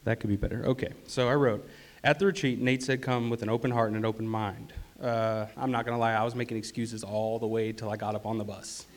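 A man giving a personal testimony in church, earnest and halting, with fillers and restarts. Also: on the low side, level tone.

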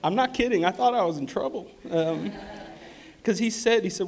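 A man giving a personal testimony in church, earnest and halting, with fillers and restarts. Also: high voice, animated, creaky, darkish tone.

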